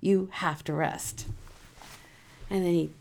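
A woman's voice: on the low side, steady tone, slow, vocal fry, darkish tone. A middle-aged woman casually telling a personal story, chatty and laughing often as she quotes others. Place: in Florida.

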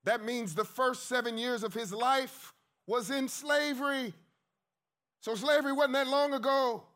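Man, preacher, high voice, emphatic sermon delivery, questions to the congregation. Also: a little slow, fairly bright tone. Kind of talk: lively sermon. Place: church hall with congregation.

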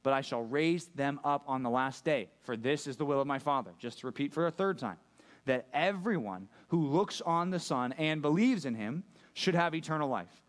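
A man preaching a sermon as pastor, conversational and joking, asking the room questions. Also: on the high side. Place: church room with a live audience.

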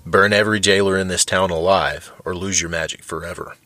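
A man's voice: sits low, steady tone, fairly quick, bright, forceful tone, dry recording. A man voicing a cruel, mocking male captor who taunts his prisoner in a cold, threatening way. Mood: menacing.

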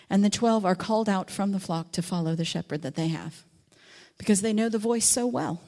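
Speaking in a mid-range voice, a woman teaches on a psalm as a Bible teacher. Her storytelling is animated, with abrupt loud voices for quoted people and sheep, while key verses get a slower, softer, reflective treatment.

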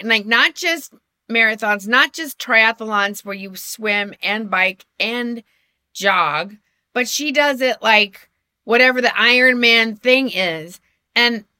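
A woman's voice: medium pitch, bright, forceful tone, no room sound, clean studio sound. A middle-aged woman co-hosting a podcast, telling personal stories in a chatty, self-deprecating way with frequent restarts. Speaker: podcast co-host. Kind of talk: casual storytelling chat.

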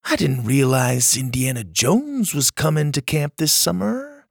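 A man voicing a cocky bully boy who mocks and threatens in a slow drawl. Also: fairly high pitch, creaky, breathy edge, no echo, studio quality, pitched above the performer's own voice, full character voice. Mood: mocking.

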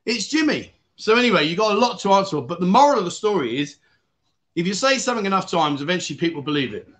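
A man's voice: high-pitched, big pitch swings, quick pace, fairly bright tone. Breathless British man chatting on a livestream. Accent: British English. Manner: chatty, jokey, rambling with self-corrections. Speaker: livestream host. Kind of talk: casual livestream chat.

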